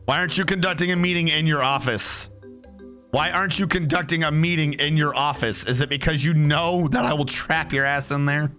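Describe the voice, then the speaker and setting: A man streams a strategy game, riffing sarcastically on what he reads out and swearing freely. His voice is bright and forceful and sits a little high. Faint game music plays under him. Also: fairly quick. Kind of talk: casual let's play commentary.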